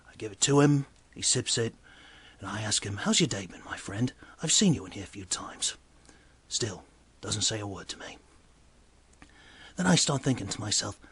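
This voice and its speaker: A man's voice: lowish voice, husky, no echo, full character voice. A man doing a gossipy bartender. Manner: exclaims loudly, then drops to hushed asides. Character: chatty male bartender telling a bar story. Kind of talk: comedic character monologue.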